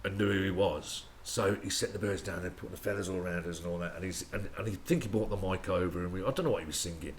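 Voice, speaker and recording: A man's voice: low-pitched, fast talker, hardly any pauses, a little hiss or hum. An English man, a musician guest, telling rambling stories in casual slang, full of restarts.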